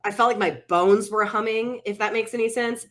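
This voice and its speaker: A woman's voice: a little high, fairly even intonation, brisk, a bit bright. A middle-aged woman co-hosting a casual chat show, telling a story with animation and acting out what people said. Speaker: podcast co-host.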